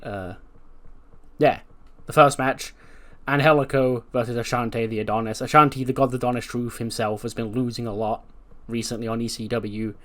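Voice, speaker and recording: A laid-back man talking through a game in casual let's-play commentary, with a middling pitch. He swears offhandedly and keeps things easygoing. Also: steady tone, moderate pace, a bit bright. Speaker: gaming video host.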